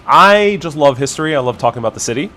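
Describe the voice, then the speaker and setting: A man's voice: fairly high pitch, lively intonation, fast talker, bright, forceful tone, slight background noise. A man hosting a casual live stream from a cafe, tasting food and chatting to viewers, thinking aloud with fillers and restarts. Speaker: live-stream city vlogger. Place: cafe in the city. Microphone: wireless clip-on mic.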